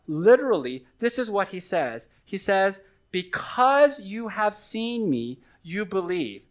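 A man's voice: sits high, fairly bright tone. A middle-aged male pastor preaching a sermon in an earnest, conversational teaching manner with friendly asides.

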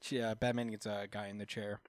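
A man's voice: on the low side, flat delivery, brisk, dry recording, clean studio sound. A young man co-hosting a podcast, casually recapping a comic story in a rambling, filler-heavy way. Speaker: podcast co-host.

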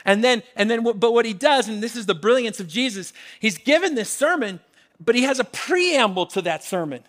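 A man's voice: sits high, animated, fairly quick, a bit bright. A man preaching a sermon in an emphatic, conversational way, often repeating his phrases. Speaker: pastor.

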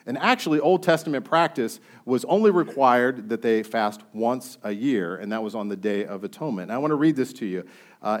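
A man preaching a sermon. He reads scripture aloud and puts questions to his listeners in a conversational way. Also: medium pitch.

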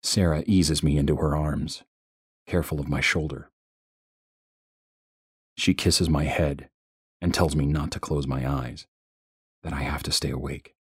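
A man narrating a first-person horror story in a tense, measured way. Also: extremely low pitch, fairly even intonation, husky, no echo, clean studio sound.

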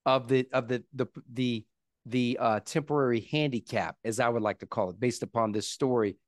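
A man hosting a podcast interview, chiming in with short affirmations and halting restarts. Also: mid-range voice, no room sound, clean studio sound. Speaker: podcast host.

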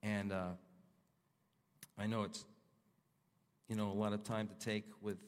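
A man's voice: little pitch movement, measured pace, smooth. Man preaching in a reverberant hall. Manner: rises and falls in pitch, voices prayers with fervor. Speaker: pastor. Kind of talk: sermon with scripture reading.

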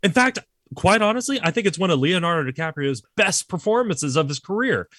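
A man's voice: high voice, animated, a little fast, fairly bright tone, no echo, clean studio sound. A man co-hosting a casual podcast, giving blunt, candid opinions. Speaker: podcast co-host. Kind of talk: casual chat.

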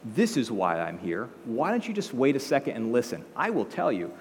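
A man's voice: medium pitch, expressive, brisk, big-room sound, close to an everyday voice. A man voicing a complaining, self-pitying male prophet who lectures in an indignant, exasperated way.

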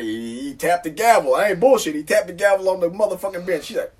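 A man telling a long story in casual chat, profane and animated, loudly acting out the other people in it. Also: a little high, fast talker, hardly any pauses, breathy edge, distant mic.

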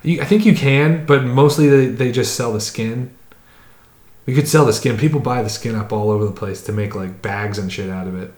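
A man chatting casually as a podcast co-host, rambling through a long story at an even, middling pitch. He keeps slipping into other people's voices mid-tale. The room carries a noticeable echo. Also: normal speed. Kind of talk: casual chat. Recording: roomy echo.

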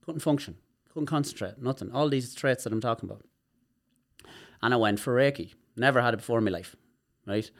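An Irish man, a guest on a podcast, telling personal stories in an animated way and swearing freely. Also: mid-range voice, fairly quick. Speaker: guest, movement specialist. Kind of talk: podcast conversation.

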